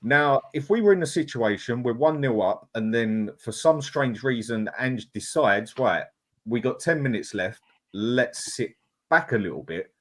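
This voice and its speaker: A man on a live football fan panel, talking things through and putting questions to the others, with a sarcastic streak. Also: mid-range voice. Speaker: guest panelist. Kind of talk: casual football fan chat.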